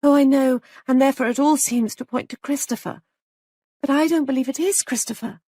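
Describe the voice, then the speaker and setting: A woman voicing an anxious young wife who pleads urgently and raises her pitch. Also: a little fast, mellow, dry recording, studio quality, lightly acted.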